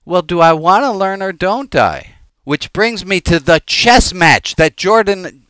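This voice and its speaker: A man who is a rabbi teaches a casual sermon, chatting with the congregation and wandering into jokes and side stories. His voice is slightly high and smooth and resonant. The sound is close and dry, with no room echo. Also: big pitch swings, measured pace, few pauses, a bit bright. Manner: conversational, digressive and joking, addressing the congregation.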